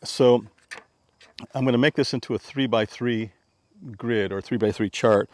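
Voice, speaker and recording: A man's voice: mid-range voice, unhurried, darkish tone, dry recording. A man hosting his own DIY channel who gives a patient, plain-spoken how-to explanation. He often stammers and restarts his sentences.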